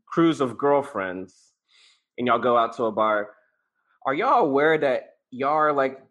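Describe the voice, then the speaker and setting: A man's voice: mid-range voice, expressive, measured pace, fairly bright tone, dull audio. A man co-hosting a casual podcast chat, playful and laughing as he tells stories. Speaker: podcast co-host.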